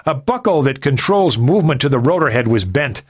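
A man voicing a friendly, easygoing male ship officer giving a relaxed report. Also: medium pitch, fairly quick, slightly rough, voice pushed up. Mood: easy.

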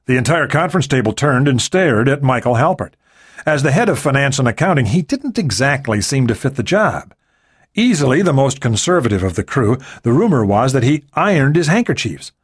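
Male thriller narrator, lively pitch, expressive character voicing. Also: brisk, husky. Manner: expressive, varies voices for characters. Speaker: audiobook narrator. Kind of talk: scripted narration.

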